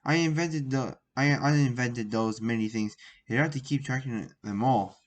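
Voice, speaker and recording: A man voicing an eccentric, absent-minded male professor inventor in a storybook reading, halting and restarting as he reads. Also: medium pitch, natural voice. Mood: fussy. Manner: halting read-aloud with restarts.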